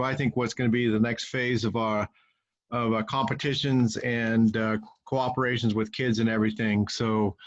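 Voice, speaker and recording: A man's voice: medium pitch, fairly bright tone. A man giving casual welcome remarks on a video call, rambling, with many fillers. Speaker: webinar host. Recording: dull lo-fi call audio.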